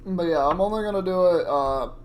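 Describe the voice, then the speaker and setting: A man's voice: sits high, a little fast, slight background noise. A man streaming a video game, chatting casually and reacting aloud to what happens on screen. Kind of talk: casual gameplay commentary. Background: game music.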